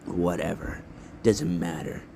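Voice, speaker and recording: A man voicing a blunt, dismissive teenage boy hero, close to his own low voice. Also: takes it slowly, vocal fry, background noise, exaggerated voice.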